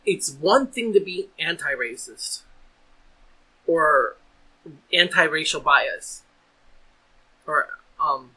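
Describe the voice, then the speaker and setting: A man's voice: on the high side, expressive, slow, pauses often, sharp tone, husky, poor audio. A man talking earnestly in a casual podcast discussion, restarting and repeating words as he builds his point. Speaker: podcast host.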